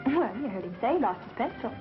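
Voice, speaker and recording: An actress playing a quick-witted, sarcastic young woman who works as an ad executive, in a 1930s film. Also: fairly high pitch, sing-song, over music. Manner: sassy, sarcastic. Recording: dull 1930s film soundtrack, faint hiss.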